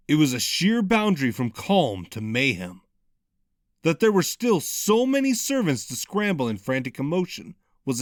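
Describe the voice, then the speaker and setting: Expressive male audiobook narrator. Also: medium pitch, no echo, studio quality. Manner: dramatic, expressive reading.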